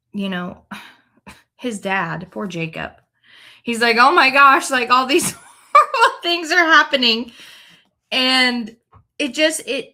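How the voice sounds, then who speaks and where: A woman's voice: mid-range voice, fairly bright tone. A woman Bible teacher reading scripture aloud and adding chatty, reflective commentary, often checking in with "right?". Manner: conversational, tag questions like "right?".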